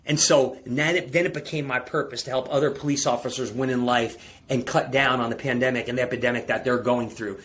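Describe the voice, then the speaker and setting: A man's voice: mid-range voice, steady tone, brisk, hardly any pauses, slight background noise. A man who is a performance coach, telling a personal story with intense, rising emotion as a podcast guest. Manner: intense, rising to near-shouting peaks, calls listener bro.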